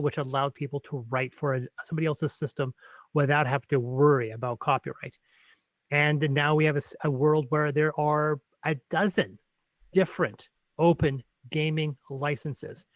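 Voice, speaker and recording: A man's voice: fairly high pitch, no room sound, poor audio. A Canadian man co-hosting a podcast, rambling and self-correcting as he tells stories. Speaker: podcast co-host. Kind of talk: podcast chat.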